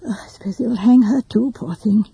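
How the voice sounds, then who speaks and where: A woman voicing a gentle, fussy old spinster who rambles softly. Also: fairly high pitch, fairly quick, gravelly, slightly rough, dry recording, exaggerated voice, poor audio. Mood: musing. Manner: rambling, soft and quiet.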